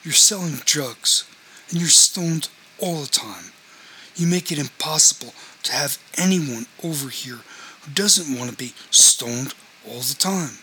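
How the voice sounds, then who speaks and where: A man's voice: a little high, a little slow, sharp tone, a little hiss or hum, poor audio. A man voicing a firm, demanding housemate. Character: man laying down house rules, firm, confrontational.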